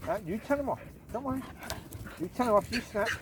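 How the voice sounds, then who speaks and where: A man talks casually as he walks through a village, recording on a handheld camera as he goes. His voice sits high and leaps around with lively swings, jumping into sharp commands for his dogs and then softening into coos. Light noise sits under the outdoor recording. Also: fast talker. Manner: coos affectionately at dogs and puppies. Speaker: vlogger walking his dogs. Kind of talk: casual walk-and-talk chat.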